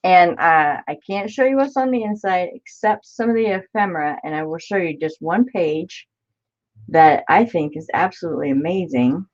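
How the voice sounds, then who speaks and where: A woman hosting a casual crafting live stream, chatty and excitable as she greets viewers by name. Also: lowish voice, normal speed, highs cut off. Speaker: crafting channel host.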